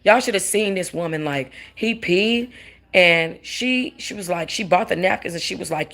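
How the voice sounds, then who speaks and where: A woman, casually telling a story in an animated rant, quoting the people involved and swearing. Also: lowish voice, normal speed. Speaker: vlogger.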